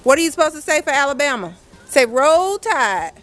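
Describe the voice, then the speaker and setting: A woman's voice: sits high, very animated, a little fast, a bit bright. A young mother filming her family in a snowy backyard, talking casually and teasing the kids with lots of laughter. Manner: playful, teasing, laughing often. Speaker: vlogger, mother.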